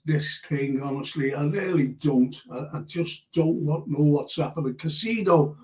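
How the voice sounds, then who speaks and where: An older man from England hosts a live fan phone-in style show, chatting casually and reading viewer messages aloud with open emotion. His voice is fairly high-pitched, a little slow and a little mellow, and the audio is dull.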